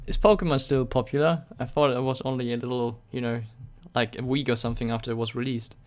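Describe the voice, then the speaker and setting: Young man, German accent, sarcastic, joking, live-stream chat reading, middle-pitched voice. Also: steady tone, quick pace. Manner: sarcastic, joking, laughs often. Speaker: YouTube channel host.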